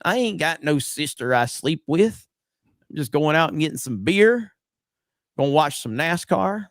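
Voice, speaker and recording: A man's voice: on the high side, big pitch swings, unhurried, no room sound, studio quality. A man voicing a joking, beer-drinking Southern good ol' boy with an exaggerated Southern US drawl, playing it mock-defensive.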